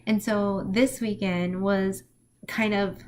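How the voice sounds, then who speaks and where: A woman's voice: medium pitch, fairly even intonation, takes it slowly, darkish tone. A middle-aged woman talking through a personal vlog in an emotional, heartfelt way, rambling with many fillers. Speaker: vlogger.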